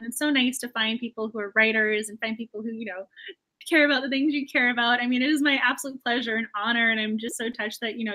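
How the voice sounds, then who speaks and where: A woman's voice: a little high, sharp tone. A woman hosting a writing live stream, gushing and emotional, full of fillers and laughter. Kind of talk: casual live-stream chat.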